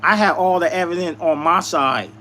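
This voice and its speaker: High-voiced man venting emphatically. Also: moderate pace, bright, forceful tone, a little hiss or hum. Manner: emphatic, repeats lines for emphasis. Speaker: live streamer. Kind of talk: venting storytelling to viewers.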